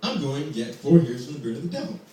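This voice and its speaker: A man voicing a gruff, weary male gate guard who barks his words, heard from far off in an echoey hall. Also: medium pitch, lively intonation, fast talker, natural voice. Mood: barking. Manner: barking, loud.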